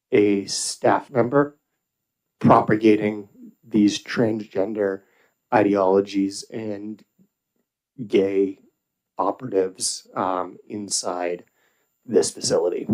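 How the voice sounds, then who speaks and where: A middle-aged man giving formal testimony as a parent at a legislative hearing, measured, with filler pauses. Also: lowish voice, steady tone, a little mellow, low-quality recording.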